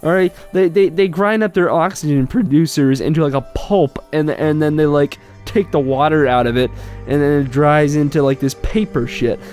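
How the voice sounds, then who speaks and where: A man improvising a comic story, rambling and halting, full of fillers and swearing. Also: on the high side, fairly even intonation, darkish tone, faint music behind.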